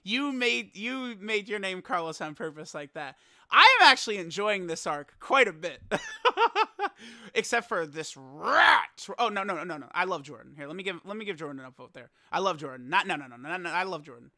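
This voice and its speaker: A young gaming YouTuber gives casual reaction commentary, sounding exasperated and laughing as he rambles with stammered restarts. His high, sharp voice is expressive and fast, recorded in a clean studio with no echo.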